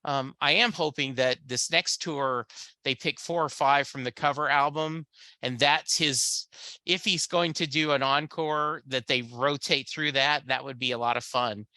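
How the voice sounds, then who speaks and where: A man's voice: mid-range voice, steady tone, unhurried, bright, forceful tone, dry recording. A man hosting a casual podcast chat, rambling with many fillers and restarts. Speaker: podcast host.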